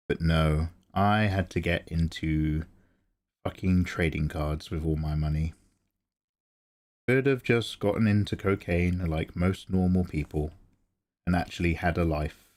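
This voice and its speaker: A man's voice: sits low, unhurried, darkish tone. A man chatting casually on a live drawing stream, joking and self-mocking. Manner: joking, laughs between lines, self-mocking.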